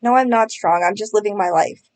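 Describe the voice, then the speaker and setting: A woman's voice: mid-range voice, a little fast, a little mellow. Woman vlogger, casual chat, dry sarcastic humor, laughs through her lines. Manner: sarcastic, self-mocking, laughs often.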